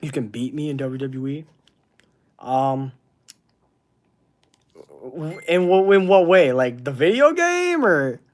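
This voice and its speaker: High-voiced man streaming casually. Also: sing-song. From Canada. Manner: halting, searching for words, earnest. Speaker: wrestling channel host. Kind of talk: casual livestream chat reading comments.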